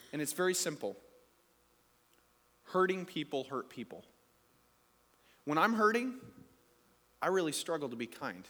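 A man in his thirties delivers a sermon from the front of a church, leaning on repetition and punching his key phrases. His voice sits a little high for a man. The sound carries a long reverb from the hall around him. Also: a bit bright. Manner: emphatic, repetitive preaching with rising, punchy phrases. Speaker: pastor.

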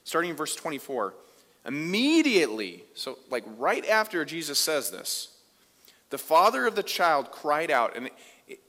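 A man preaching a sermon as pastor, conversational, moving between loud emphasis and quiet asides. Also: on the high side, big pitch swings, normal speed. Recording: long reverb of a large hall.

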